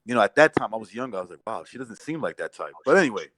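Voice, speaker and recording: A man's voice: lowish voice, sing-song, racing, no echo. Man telling laughing anecdotes. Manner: laughing anecdotes with loud mimicry. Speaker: podcast co-host. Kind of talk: casual storytelling chat.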